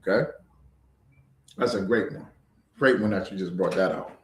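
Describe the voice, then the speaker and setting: A man's voice: deep voice, normal speed, reverberant. A man teaching a livestreamed scripture class, lecturing emphatically with rhetorical questions.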